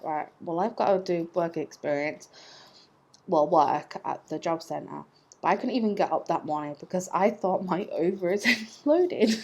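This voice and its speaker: A young woman telling a personal story to camera in a chatty, rambling way, laughing at herself. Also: on the low side. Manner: chatty and rambling, with fillers and self-mocking laughs. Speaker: vlogger.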